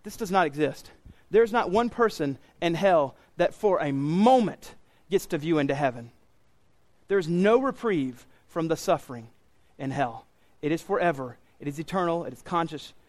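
Earnest pastor preaching a sermon. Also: male voice, a little high, lively intonation, normal speed, darkish tone. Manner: earnest, emphatic, repeats key phrases.

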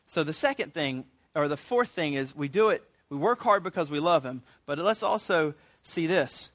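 A man preaching a sermon, animated and earnest, often restarting his sentences. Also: a little high, normal speed, no echo. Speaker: pastor.

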